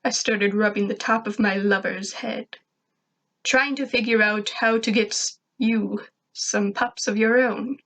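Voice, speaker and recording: A woman reading a first-person fan fiction story aloud, steady and even. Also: medium pitch, measured pace.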